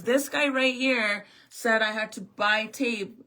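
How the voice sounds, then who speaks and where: A woman's voice: fairly high pitch, takes it slowly, bright, forceful tone. A woman telling a storytime in a casual vlog rant, swearing and acting out both sides of the talk. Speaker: vlogger.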